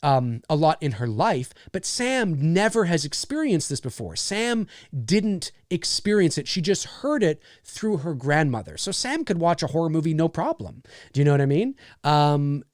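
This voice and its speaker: Animated, expressive man with a lively voice. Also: fairly high pitch, moderate pace, no echo, studio quality. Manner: animated, acts out scenes as he explains. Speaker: filmmaker hosting a livestream. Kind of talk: casual livestream talk.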